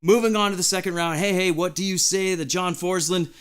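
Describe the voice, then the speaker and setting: A man hosting a live stream, giddy and out of breath, reading chat messages aloud in an excited chat. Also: high voice, brisk, clean tone.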